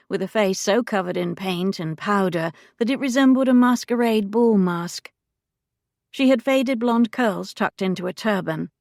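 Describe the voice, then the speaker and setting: A woman narrating a historical romance audiobook in a measured, wry storytelling manner. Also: medium pitch, creaky, a little mellow, no room sound, clean studio sound. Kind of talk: scripted narration.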